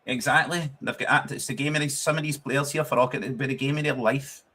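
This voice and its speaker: A man's voice: mid-range voice, fairly even intonation, brisk, bright, forceful tone. A young Scottish man hosts a live football watchalong. He talks casually to his chat in a mid-range voice, swears freely and breaks into laughter often. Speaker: streamer hosting a football watchalong.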